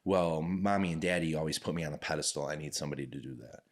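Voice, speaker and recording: Male podcast co-host, very low voice, casual and profane, launches into animated rants. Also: quick pace. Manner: profane, ranting, animated storytelling. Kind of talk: casual chat.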